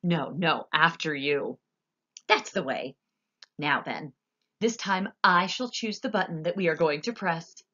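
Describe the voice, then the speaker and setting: A woman voicing an eccentric, cheerful male candy maker in a storybook reading, with quick, exclamatory, bubbly delivery. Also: deep voice, sharp tone, highs cut off, full character voice. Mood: brisk cheerful. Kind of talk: storybook character voice.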